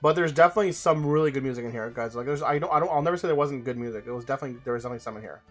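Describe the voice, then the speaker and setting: A man's voice: medium pitch, rapid-fire, soft background music. A young man chatting casually to viewers during a game let's play, rambling with restarts.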